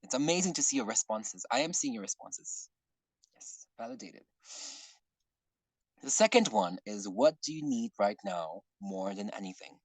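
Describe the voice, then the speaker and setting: A man leading an online workshop in casual talk, earnest and rambling, often clearing his throat. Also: on the low side, expressive, normal speed, dry recording, rough recording. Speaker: workshop facilitator. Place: online video call.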